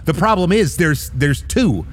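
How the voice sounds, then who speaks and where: A man's voice: on the high side, expressive, measured pace, voice pushed up. A man voicing a weary, out-of-her-depth girl arbiter who stammers and sounds exasperated. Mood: ominous.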